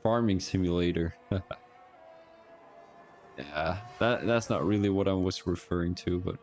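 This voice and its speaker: A man's voice: sits low, measured pace, a little mellow, soft background music. A man with a Belgian accent giving rambling, joking, self-mocking commentary on a live-streamed sim racing league.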